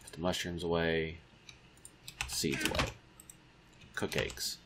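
A man's voice: sits low, little pitch movement, slow, heavy background noise. A man giving casual let's-play commentary, muttering to himself and taunting the creatures in the game. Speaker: gamer.

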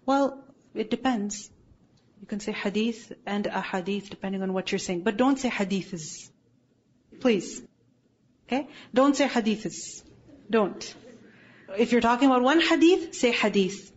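Woman teacher lecturing a class, kinda husky higher voice, muffled lo-fi recording, keeps asking "okay?". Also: moderate pace. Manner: firm, corrective, checks understanding often. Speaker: Islamic studies teacher.

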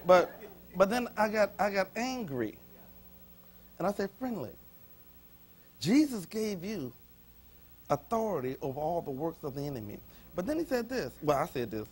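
Animated high-voiced preacher man. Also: normal speed, pauses often. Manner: preaching with sudden shouts and soft asides; folksy, humorous, talks to the congregation. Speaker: pastor. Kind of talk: sermon. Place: church sanctuary.

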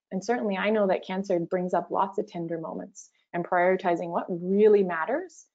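A woman leading an online workshop, speaking gently and encouragingly as she guides a mindfulness practice. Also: medium pitch, vocal fry, lo-fi sound. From Canada. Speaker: workshop facilitator.

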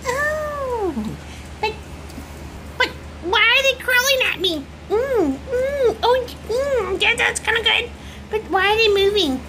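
A woman's voice: very high voice, expressive, takes it slowly, exaggerated voice. A woman voicing a jittery, easily frightened little girl doll, chattering and squealing breathlessly, in a doll role-play. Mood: relieved. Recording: noisy home recording.

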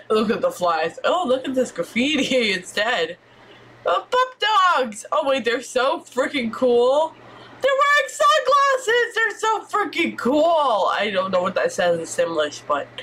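A young adult woman streaming gameplay live, chatty and excitable, with frequent swearing and exclamations. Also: fairly high pitch, slight background noise.

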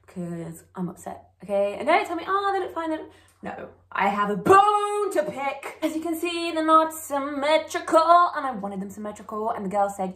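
A woman's voice: on the high side, a bit bright, distant mic. A young woman chatting casually as she reacts to a video at home, joking and swearing freely. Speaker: YouTube reactor. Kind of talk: casual reaction vlog chat. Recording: roomy recording with faint music behind.

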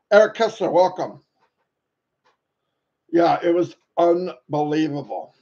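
A man hosting a casual livestream, excitable and greeting viewers by name. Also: a little high, moderate pace, pauses often. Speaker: livestream host. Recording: dull lo-fi sound, faint noise.

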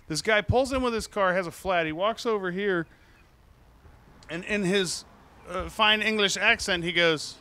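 A man's voice: sits high, moderate pace. A man co-hosting a casual show, telling stories in an enthusiastic, chatty way. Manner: chatty storyteller, lively and enthusiastic. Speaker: podcast co-host. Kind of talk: casual chat. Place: bar or taproom.

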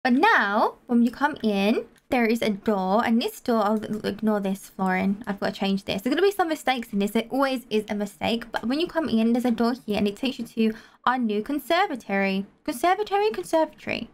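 A woman hosting a casual gameplay video, chatting and touring a build with excitable gasps and laughs. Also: fairly high pitch, fairly quick. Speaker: gaming video host. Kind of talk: casual gameplay tour chat.

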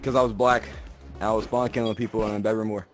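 A man's voice: on the low side, level tone, fast, over music. A man being interviewed as a player, casual and boastful, who laughs through his story, recorded on a headset mic.

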